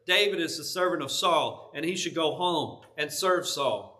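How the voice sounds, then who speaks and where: A rude, stingy rich man brushes off a request in curt, dismissive words, his voice high and sharp, as a male preacher acts him out in a sermon. He sounds cold and unwelcoming. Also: moderate pace. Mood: scornful.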